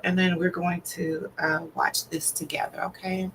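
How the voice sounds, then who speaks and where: Woman, tired and yawning, slow easygoing livestream chat, lowish voice, faint background hiss. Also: level tone, fairly bright tone, poor audio. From Alabama, US. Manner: slow, easygoing, calls listeners "child". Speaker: writer and livestream host. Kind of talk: casual late-night livestream chat. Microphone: off camera, voice only.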